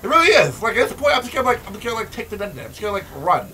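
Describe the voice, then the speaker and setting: Male let's-play host, sharp, bright voice, profane and excitable, prone to yelling. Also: high-pitched, racing, a little hiss or hum. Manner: profane, excitable, shouting outbursts and repetitive rants. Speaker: gaming video host.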